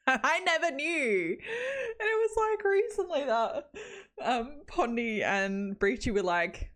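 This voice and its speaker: A woman's voice: high voice, sing-song, takes it slowly, fairly bright tone. Giggly young Australian woman streamer. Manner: giggly, rambling, lots of "like". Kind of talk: casual chat.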